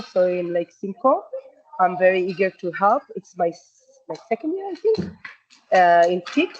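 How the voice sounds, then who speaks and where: A woman's voice: on the low side, darkish tone, dry recording. Eager, chatty mother, dull lo-fi call audio. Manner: eager, chatty, many fillers. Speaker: parent committee member. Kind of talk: virtual meeting introduction. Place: noisy hockey arena. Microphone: video call.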